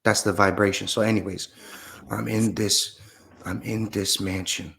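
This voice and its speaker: A man's voice: fairly low pitch, level tone, gravelly, a bit bright. A man doing a solemn rambling mystic. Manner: slow, solemn pseudo-scientific musing, drawn-out pauses. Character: rambling mystical man, grandiose self-styled genius. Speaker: guest in a parody interview. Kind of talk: improvised comedy sketch.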